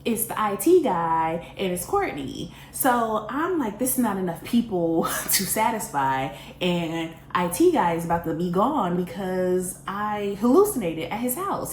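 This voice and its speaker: A woman telling a funny personal story, animated and self-mocking, with laughter and dramatic pauses. Her voice sits at a middle pitch. The room adds a roomy echo with a faint hiss behind. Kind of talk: casual storytime monologue.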